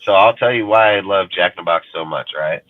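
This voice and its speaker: A man's voice: low-pitched, brisk, dry recording. A man in casual chat, ranting bluntly and swearing heavily. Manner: profane, blunt, heated. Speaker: roundtable panelist. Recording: tinny, dry call audio.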